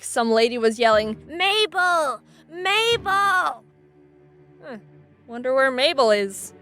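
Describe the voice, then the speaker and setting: A woman's voice: fairly high pitch, a bit bright, smooth. A young woman narrating childhood stories for an animation, with dry, sarcastic asides.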